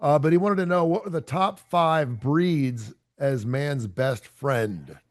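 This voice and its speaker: A man's voice: fairly high pitch, expressive, slow, no room sound, studio quality. A middle-aged man hosting a radio talk show, chatting casually in a rambling, self-deprecating way full of fillers and restarts. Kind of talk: casual chat.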